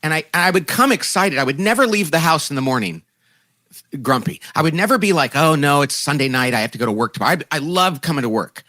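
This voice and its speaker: A man, a guest author, telling a lively conversational story and acting out quoted voices in a self-deprecating way. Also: a little high, fast talker, no echo.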